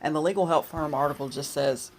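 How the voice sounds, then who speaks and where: A woman YouTube commentator reading posts and a news item aloud, with soft asides in between. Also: low-pitched, a little fast, a little hiss or hum.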